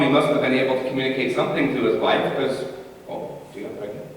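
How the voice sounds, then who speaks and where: A man's voice: medium pitch, distant mic. A male pastor giving a conversational, humorous sermon in a church, heard from afar in an echoey hall.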